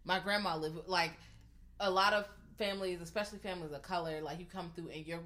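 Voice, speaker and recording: A woman's voice: fairly low pitch, steady tone, quick pace, sharp tone. A woman co-hosting a casual movie review chat, blunt and emphatic, swearing freely. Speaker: podcast co-host.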